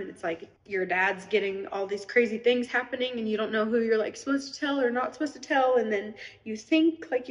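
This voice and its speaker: A woman's voice: a little high, in a large hall, poor audio. A woman talking tearfully in a rambling, earnest, preachy live video as an online seller. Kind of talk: emotional livestream monologue. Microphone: phone.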